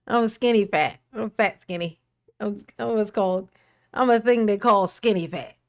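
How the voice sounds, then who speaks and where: A woman's voice: mid-range voice, moderate pace, no room sound, clean studio sound. A woman hosting a casual livestream, chatting and laughing, greeting viewers by name. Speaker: livestream host.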